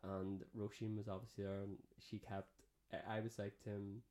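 A man with a Northern Irish accent mixing Downpatrick and Belfast, hosting a casual podcast and telling stories in a sweary, animated way. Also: on the low side, moderate pace. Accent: Northern Irish, Downpatrick and Belfast mix. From Northern Ireland. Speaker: podcast host.

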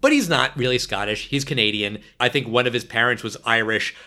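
Bright, animated man on a podcast. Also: medium pitch, brisk. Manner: animated, wry, lots of fillers. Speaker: podcast co-host. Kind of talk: casual podcast chat.

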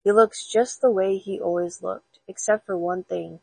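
A woman voicing a particular widow at a funeral parlor, in a quiet husky storybook reading. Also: medium pitch, steady tone, normal speed, no echo, poor audio. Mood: fussy. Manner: particular, polite complaining.

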